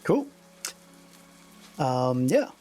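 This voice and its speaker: A man narrating as dungeon master, relaxed and halting, with many fillers, over a voice call. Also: medium pitch, faint music behind. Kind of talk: narrating a tabletop game.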